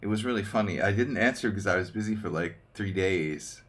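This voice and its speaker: Chatty low-voiced man streaming chess. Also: fairly quick, fairly bright tone. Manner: chatty, joking, thinks aloud over moves. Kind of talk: casual live-stream commentary.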